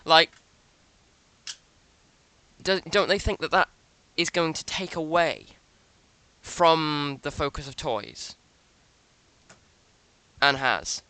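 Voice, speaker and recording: A man's voice: on the high side, takes it slowly, pauses often, pushed and bright, clean tone, no room sound. A young man ranting with profanity and sarcasm as host of a reaction video. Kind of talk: ranting commentary.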